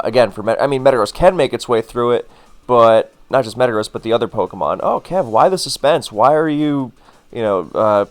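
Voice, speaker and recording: A man casually commenting on his own game, rambling into wry asides with plenty of fillers. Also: on the low side. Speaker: gaming commentator.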